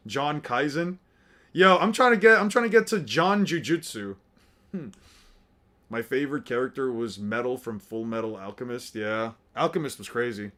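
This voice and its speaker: A man's voice: mid-range voice, animated, normal speed, a bit bright. A young man casually reacting to a comic with his chat, joking around, swearing freely and reading chat messages aloud. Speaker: streamer reading manga with chat.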